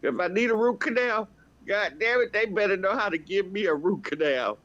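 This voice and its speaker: A woman's voice: medium pitch, expressive, normal speed, a bit bright. A woman talking casually and venting, blunt and heavy on the profanity. The recording sounds dull and lo-fi. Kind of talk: casual chat.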